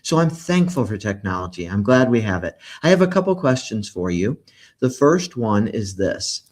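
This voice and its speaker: A man hosting a conversational interview, reflective and affirming, pausing often to find his words. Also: on the low side, big pitch swings. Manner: warm, reflective, many fillers and restarts. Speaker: podcast host.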